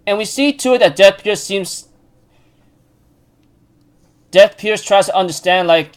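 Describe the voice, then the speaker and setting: A man's voice: sits high, measured pace. A man casually recapping a manga chapter, rambling with many fillers and restarts.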